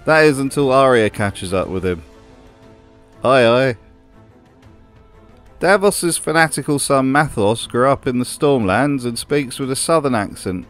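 A man's voice: mid-range voice, animated, normal speed, hardly any pauses, fairly bright tone, soft background music. Dry, sarcastic male narrator. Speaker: host. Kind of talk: comedic video essay narration.

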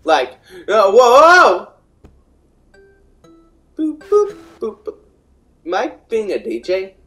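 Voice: mid-range voice, wildly swooping pitch, slow pace, a bit bright, faint music behind, full character voice. A performer voicing a jumpy, cheeky boy who swears and panics easily, in a real-time game fandub. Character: cheeky young boy sneaking through a mall.

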